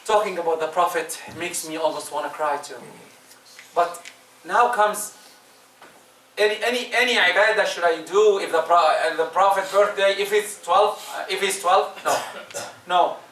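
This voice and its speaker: A man preaching a Friday sermon, emphatic, with his voice swinging between loud rises and soft drops. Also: sits high, normal speed, a little hiss or hum. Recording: echoey room, distant mic.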